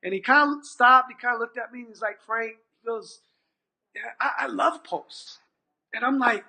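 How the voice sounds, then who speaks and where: Animated high bright-voiced man telling a story. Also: normal speed, creaky, husky. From California, USA. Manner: animated, acts out quoted dialogue, many restarts. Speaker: after-school program manager, guest. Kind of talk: storytelling in conversation.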